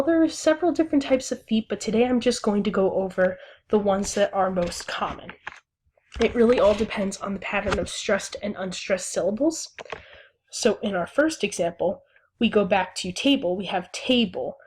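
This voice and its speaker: A young woman teaches a recorded lesson, speaking slowly and deliberately as she sounds out syllables one at a time. Her voice is mid-range with a darkish tone and a breathy edge.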